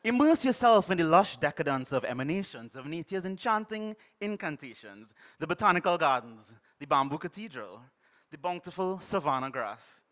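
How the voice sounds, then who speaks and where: A man voicing a calm, long-winded female therapist, in a lower, hushed delivery. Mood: lofty calm. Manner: measured, hushed and wordy.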